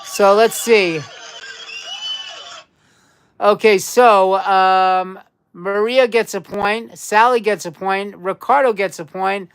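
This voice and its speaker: A woman hosts a laid-back live-stream trivia quiz in a steady, medium-pitched voice, taking it slowly and pausing often. There's a little hiss or hum, and she chats with viewers, repeating herself along the way.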